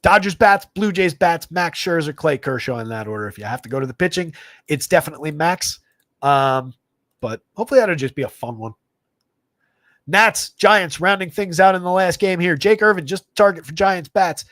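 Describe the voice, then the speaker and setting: Fast stat-reading male analyst, dry close mic. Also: fairly high pitch, animated, fairly bright tone, no echo. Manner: rapid stat-heavy delivery with frequent fillers. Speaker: fantasy baseball analyst. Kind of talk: live stream sports stats rundown.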